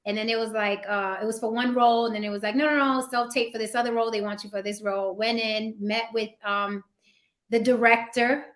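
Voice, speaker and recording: A woman with a bright, rather high voice hosts a casual interview. She talks candidly and expressively and laughs often. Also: steady tone, a little fast. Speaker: show host.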